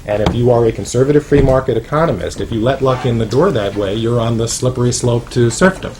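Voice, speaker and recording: Male author at a roundtable, mid-pitched, wry and rambling, faint hiss behind him. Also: quick pace. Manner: chatty, wry, many fillers and restarts. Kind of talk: informal talk to a small audience.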